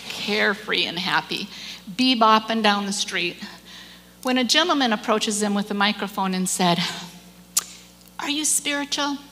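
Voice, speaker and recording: A woman giving a church message, telling a story with animated delivery and acting out the people in it. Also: medium pitch, long reverb tail. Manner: animated storyteller, acts out quoted voices, repeats words. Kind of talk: sermon storytelling.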